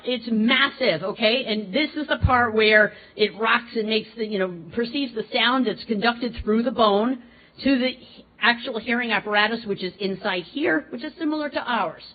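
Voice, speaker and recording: A woman scientist giving a live talk to an audience, showing specimens and often checking in with her listeners. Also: a little high. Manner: lively, keeps checking in with the audience. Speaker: scientist presenter. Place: event hall before an audience. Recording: tinny phone-like recording.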